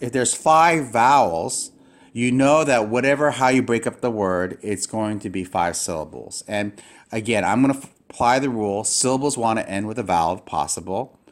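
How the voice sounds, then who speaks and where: Low-voiced man teaching Greek syllables. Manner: patient, explanatory, many fillers and restarts. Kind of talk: recorded classroom lecture.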